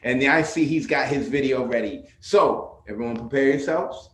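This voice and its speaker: A man's voice: mid-range voice, normal speed, a bit bright. A man hosting an online open mic, chatting casually and stumbling over a performer's name. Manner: friendly, stumbles over names. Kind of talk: casual chat. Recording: echoey room, faint noise.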